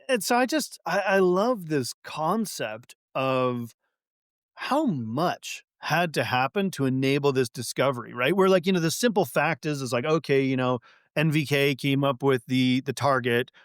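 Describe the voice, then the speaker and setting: A man chats as a podcast guest, rambling through fillers and quick restarts. His pitch jumps around a lot as he gets excited. The sound is dry and close, with no room echo. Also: clear, resonant tone. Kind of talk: casual conversation.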